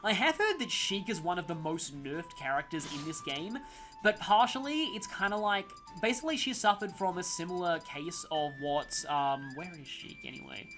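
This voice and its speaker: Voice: medium pitch, animated, normal speed. A gameplay commentator talking casually over a let's-play, rambling through gaming trivia and side stories. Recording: game music playing under voice. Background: game music.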